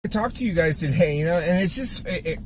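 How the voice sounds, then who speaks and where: High-voiced talkative barbershop owner. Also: male voice, lively intonation, quick pace, a little hiss or hum. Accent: Californian English. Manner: talkative, repeats words, restarts, coaching tone. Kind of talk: casual vlog monologue. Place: driving around town, then in his barbershop.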